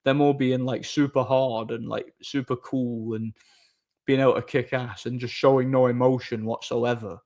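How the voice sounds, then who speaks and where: A man's voice: medium pitch, flat delivery, normal speed, darkish tone. A man chatting casually on a live stream, reading viewer messages aloud, rambling with repeated words and frequent laughter.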